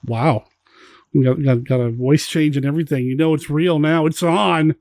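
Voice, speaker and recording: A man's voice: fairly high pitch, steady tone, normal speed, a little mellow, no echo. A man hosting a podcast, asking his guest quiz questions in casual chat and laughing often. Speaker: podcast host.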